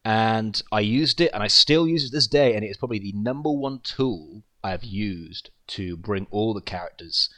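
A man with a lowish voice gives a loose, heartfelt spoken tribute. He wanders from story to story, often dropping to a quiet trail at the ends of his thoughts. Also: animated, moderate pace, hardly any pauses. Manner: rambling storyteller, trails off softly. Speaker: creator of an online wrestling show.

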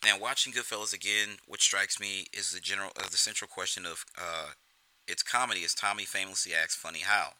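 A man's voice: sits low, fairly even intonation, brisk, sharp tone, no room sound, low-quality recording. A man giving casual film commentary in a profane, rambling way, often restarting his sentences.

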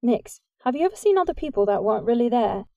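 A woman reading the lines of a gentle, polite teenage boy who loves injured animals, in a soft, earnest manner. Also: a little high, big pitch swings, quick pace, vocal fry, no room sound, dull audio.

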